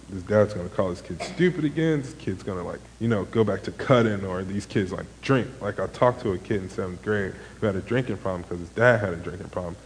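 Young man, casual sermon, rambling, lots of "like" and "um", slightly low voice, faint background noise. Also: big-room sound, low-quality recording. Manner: rambling, heavy use of "like" and "um". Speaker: camp counselor giving a sermon.

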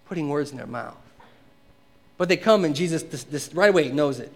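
A man's voice: a little high, expressive, brisk, long pauses. A man preaching a conversational sermon to a congregation, asking them questions and acting out the quotes he reads. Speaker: pastor.

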